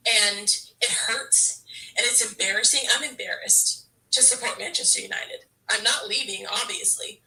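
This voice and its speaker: A woman's voice: mid-range voice, moderate pace, pushed and bright, recorded from a distance, a little hiss or hum, rough recording. A woman football fan ranting to camera in a frustrated, exasperated way, stammering and restarting her sentences. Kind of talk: emotional fan rant to camera.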